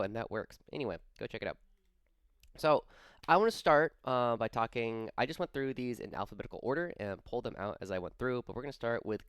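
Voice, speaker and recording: Young man, casual rambling commentary, smooth voice, lowish pitch, dry close sound. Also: lively intonation, fast, no echo. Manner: rambling, casual, many fillers and self-corrections. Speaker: wargaming channel host.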